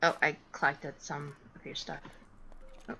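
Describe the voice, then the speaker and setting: A woman's voice: low voice, little pitch movement, unhurried, bright, forceful tone, slight background noise. A woman livestreaming a game, giggling often and thanking and greeting viewers in casual chat. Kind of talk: casual live gameplay chat.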